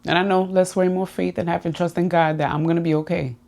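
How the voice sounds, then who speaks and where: A woman's voice: lowish voice, steady tone, fast talker, vocal fry, darkish tone. A woman hosting her own podcast, talking through personal growth in a heartfelt, confiding monologue. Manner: heartfelt, confiding, emotional at times. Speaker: podcast host.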